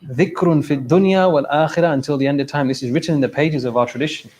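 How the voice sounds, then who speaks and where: A man's voice: on the high side, fast, darkish tone, rough recording. A man giving an informal religious talk at a mosque. He speaks conversationally, repeats phrases and keeps checking in with his listeners.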